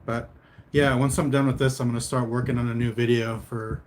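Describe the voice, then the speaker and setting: A man's voice: mid-range voice, flat delivery, a little fast, darkish tone, a little hiss or hum, poor audio. A man casually chatting with viewers on a livestream. He reads out their comments and answers them in a meandering, laid-back way with mild humor.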